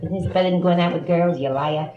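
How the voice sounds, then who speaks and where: A woman's voice: lowish voice, steady tone, fast, phone-quality sound, heavy background noise. A woman doing bawdy stand-up comedy in a nightclub, trading jabs with hecklers and calling people honey, on a 1960s live album. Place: nightclub stage. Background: audience laughing.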